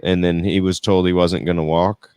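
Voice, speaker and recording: Male co-host reading chat, very deep, smooth, dry sound, halting delivery. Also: flat delivery, darkish tone, no room sound. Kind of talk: casual chat.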